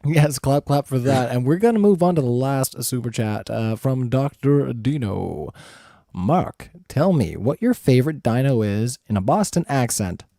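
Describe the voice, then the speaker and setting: A man moderating a streamed debate with a mellow voice and a dry, close sound. He is friendly and upbeat, reading questions and keeping time. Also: mid-range voice, lively intonation, normal speed, creaky, no room sound. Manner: friendly, upbeat, keeps things moving.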